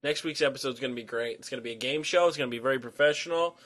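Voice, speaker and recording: A man's voice: mid-range voice, very fast, a bit bright. Teasing man joking on a podcast. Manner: teasing, crude, laughs often. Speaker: podcast co-host. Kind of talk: casual chat.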